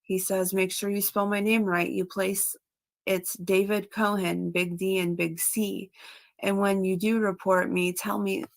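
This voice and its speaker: A woman's voice: medium pitch, little pitch movement, unhurried, gravelly, no room sound. A woman reading out online comments and her replies in a casual, matter-of-fact way. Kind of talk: casual reading of chat messages aloud.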